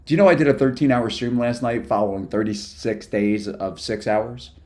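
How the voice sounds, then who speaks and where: A man's voice: medium pitch, normal speed, darkish tone. A man chatting casually on a live stream, hyper and rambling from topic to topic after no sleep. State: sleep-deprived.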